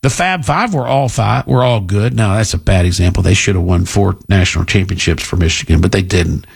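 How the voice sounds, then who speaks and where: A man's voice: low-pitched, a little fast, creaky, slightly rough. A middle-aged man hosting a talk radio show, delivering a blunt, combative, opinionated monologue.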